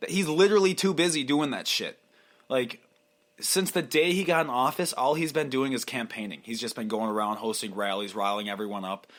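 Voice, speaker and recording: A young man talks alone into his podcast mic in a loose, rambling monologue. He swears constantly, drifts between topics and breaks into mocking voices of the people he talks about. His voice sits at an ordinary middle pitch. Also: fairly quick, a bit bright. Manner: crude, profane, rambling with frequent laughs. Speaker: podcast host.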